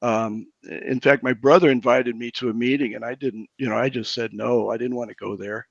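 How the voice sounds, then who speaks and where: Guy in his 60s, pastor, telling his story kinda haltingly, dry dull lo-fi sound. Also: mid-range voice, steady tone, gravelly, dry recording. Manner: halting, repeats words as he restarts. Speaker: pastor and recovery guest. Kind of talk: candid personal storytelling.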